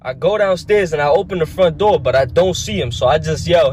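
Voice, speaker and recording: Man, fairly high voice, deadpan anecdote teller. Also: fairly quick, slight background noise. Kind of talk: scripted joke storytelling.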